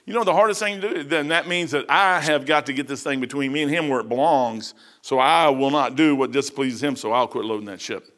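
A man's voice: mid-range voice, a little fast, few pauses, a bit bright. Folksy middle-aged man teaching a Bible lesson. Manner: folksy, rambling, repeats phrases for emphasis.

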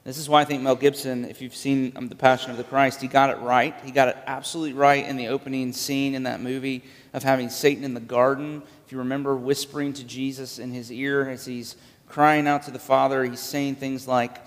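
A man in the middle of a sermon, his voice at an ordinary middle pitch. He preaches earnestly and conversationally and builds toward emphatic peaks. A long reverb trails every phrase, as in a large hall. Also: little pitch movement, fairly quick. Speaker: pastor.

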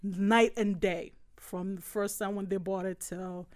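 A woman co-hosting a casual faith podcast, telling a story in an animated, emotional way and laughing often. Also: mid-range voice, measured pace.

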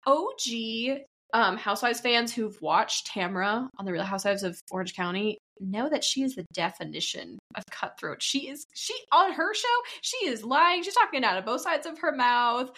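A young woman co-hosting a podcast, recapping a reality show in casual chat, animated and laughing, often mimicking people. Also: a little high, normal speed. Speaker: podcast co-host.

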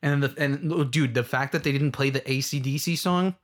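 A man's voice: medium pitch, brisk. Young adult male, casual rant, rambling and fed-up, loose filler-heavy delivery. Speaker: movie fan ranting.

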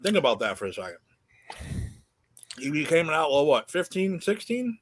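A man's voice: on the high side, big pitch swings, moderate pace, no echo. A man co-hosting a casual comedy podcast, talking bluntly and cursing in a laid-back way. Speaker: podcast co-host.

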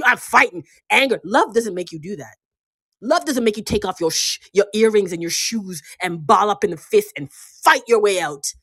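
Woman preaching at you in a casual monologue, emphatic, swears a lot, kinda high voice.

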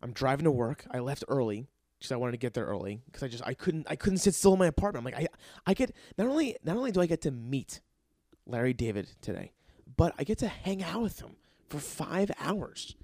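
A man's voice: medium pitch, brisk, hardly any pauses, no room sound, clean studio sound. A young man hosting a comedy podcast, telling a story in a casual, profane and rambling way. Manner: excitable, profane, rambling with restarts. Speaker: podcast host and aspiring comedian.

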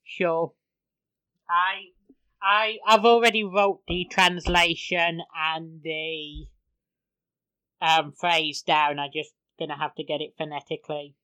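A man co-hosting a podcast, hesitant and self-deprecating, speaking very slowly. His voice is bright and tense, heard dry and close. The recording is dull and lo-fi. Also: fairly high pitch, flat delivery, clear, resonant tone, no room sound. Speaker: podcast co-host. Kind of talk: casual podcast chat.

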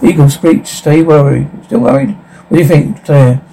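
Mellow-voiced man reading film captions. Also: fairly high pitch, normal speed, gravelly, a little hiss or hum, rough recording. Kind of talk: reading a film's captions and dialogue aloud.

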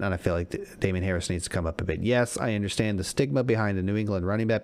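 A man with a fairly low voice co-hosting a casual sports podcast. He makes his points with confidence and trails off into fillers. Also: a little mellow. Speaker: podcast co-host. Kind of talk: casual fantasy football chat.

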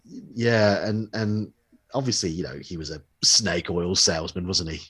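Low husky guy on a podcast, lots of ums, kinda halting. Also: fairly bright tone. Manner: hesitant, full of fillers and restarts. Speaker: podcast co-host. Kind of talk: casual chat reviewing a documentary.

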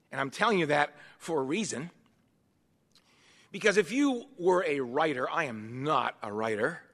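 A man in his fifties preaching a sermon, swinging from quiet asides to loud, emphatic passages. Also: fairly high pitch. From United States. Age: 50s. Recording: long hall reverb.

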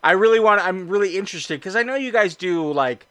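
Guy hosting a podcast, bright chatty voice, dry close mic. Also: sits high, animated, brisk, clean tone, no room sound. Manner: upbeat, chatty with fillers. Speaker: podcast host. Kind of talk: casual chat.

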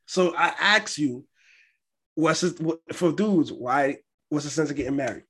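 A man's voice: fairly high pitch, unhurried, husky. A young man chatting casually as co-host, telling stories and acting out what others said. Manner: storytelling, quotes others in an animated way. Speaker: podcast co-host. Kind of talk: casual chat.

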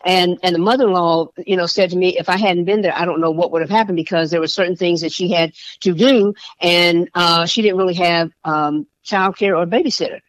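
A woman's voice: fairly low pitch, fairly even intonation, fairly quick, hardly any pauses, no room sound. A woman state senator and veteran, a podcast guest, talking with passion and repeating phrases for emphasis. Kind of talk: podcast interview. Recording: dull dry lo-fi recording.

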